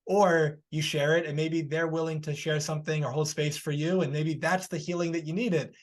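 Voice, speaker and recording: A man's voice: fairly high pitch, fairly even intonation, moderate pace, hardly any pauses. A man hosting a podcast interview, earnestly telling a story and offering encouragement, who works as a healer himself.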